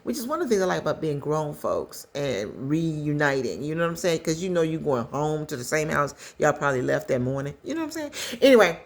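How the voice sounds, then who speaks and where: A woman casually recapping a story in a chatty, animated way, with quick asides. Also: deep voice. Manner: chatty, animated retelling with acted quotes. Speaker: commentator recapping a skit.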